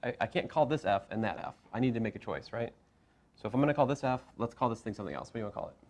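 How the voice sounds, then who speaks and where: A man lecturing as a math professor in a classroom, talking through each step with asides and quick self-corrections. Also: medium pitch, expressive, darkish tone. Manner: talks through steps with frequent asides and restarts.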